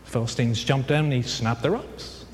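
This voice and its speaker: Animated male Bible teacher in a hall. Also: medium pitch, moderate pace. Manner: animated storyteller, jokes, many fillers. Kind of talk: casual Bible class lecture. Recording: hall reverb, faint background noise.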